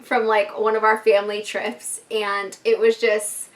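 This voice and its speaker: A woman's voice: medium pitch, level tone, unhurried, recorded from a distance. A young woman vlogger telling a story to camera in a chatty way, full of fillers and swearing, talking straight to her viewers. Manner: chatty, lots of 'like' and swearing, addresses viewers as 'you guys'. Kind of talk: casual storytime chat.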